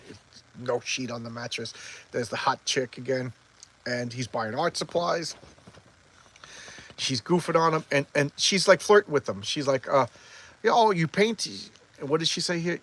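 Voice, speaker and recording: A man casually reviewing a comic book, talking quickly and excitably with many restarts as he retells the story. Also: mid-range voice, poor audio.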